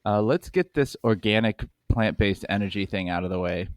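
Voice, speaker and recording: A man's voice: lowish voice, normal speed, no echo, studio quality. A man co-hosting a comedy snack podcast, reading articles aloud and laughing often. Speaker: podcast co-host. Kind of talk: casual comedic chat.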